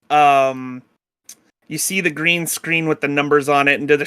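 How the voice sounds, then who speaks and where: A man's voice: on the high side, fairly even intonation, normal speed, fairly bright tone, clean tone, dry recording. A young man narrating as game master in a tabletop game, casual and rambling, with lots of filler words. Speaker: dungeon master.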